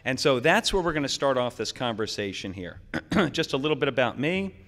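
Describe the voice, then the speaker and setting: A middle-aged man giving a conference keynote in a folksy, joking and energetic way. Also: mid-range voice, brisk. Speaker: keynote speaker. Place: conference hall. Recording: long hall reverb.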